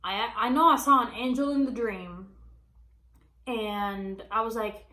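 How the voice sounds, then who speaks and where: A woman's voice: fairly high pitch, fairly even intonation, a little slow, sharp tone, reverberant, low-quality recording. A woman telling a personal story to her viewers in a casual, chatty way, calling them y'all and using many fillers. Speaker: vlogger. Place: small room at home.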